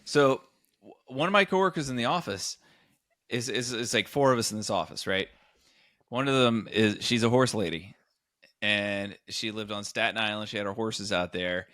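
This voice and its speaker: Brief: male podcast host, animated storyteller, bright tone, dry close sound. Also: fairly low pitch, no echo. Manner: animated storyteller, acts out quotes. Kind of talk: casual chat, storytelling.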